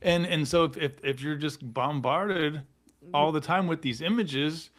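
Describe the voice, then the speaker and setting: Podcast guy, kinda high voice, rambles a lot and keeps restarting. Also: measured pace, a bit bright. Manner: rambling, hesitant, many restarts and fillers. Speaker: podcast co-host. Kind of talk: casual political podcast chat.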